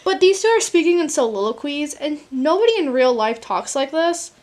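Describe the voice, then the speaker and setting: High-voiced young woman book vlogger. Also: lively intonation, normal speed, darkish tone. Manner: candid, exasperated, swears freely. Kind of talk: casual reading vlog chat. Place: home, indoors. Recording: faint room noise from the air conditioner. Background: faint air conditioner hum.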